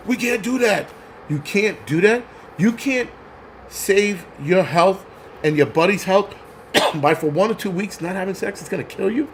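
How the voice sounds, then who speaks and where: A man's voice: sits high, a little slow, slight background noise. A man hosting a crude, angry livestream rant, mocking people as he goes. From New York. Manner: angry, crude, mocks others in put-on voices. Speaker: host.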